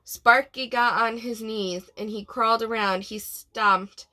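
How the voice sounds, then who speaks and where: With a voice on the high side and an unhurried pace, a woman who teaches preschool reads a storybook to children with lots of expression and asks them questions along the way.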